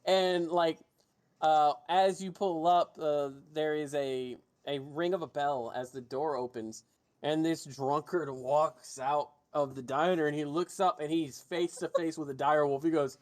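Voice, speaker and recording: Male game master, slightly high voice, loose and chatty, stammers through narration. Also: steady tone, a little slow, darkish tone. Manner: casual, stammering restarts and swearing.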